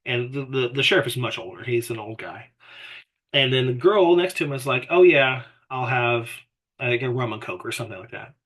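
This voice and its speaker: A man's voice: medium pitch, expressive, brisk, fairly bright tone. A male law lecturer talking in a loose, conversational way, often checking in with "right?" and acting out the voices in his examples. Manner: conversational, frequent "right?" and "you know", acts out quoted exchanges. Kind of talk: casual recorded lecture.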